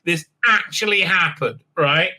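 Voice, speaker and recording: A man's voice: sits high, a little slow, sharp tone, rough recording. A man hosting a sarcastic, casual TV episode recap, mocking and rambling with many fillers. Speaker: host and TV reviewer.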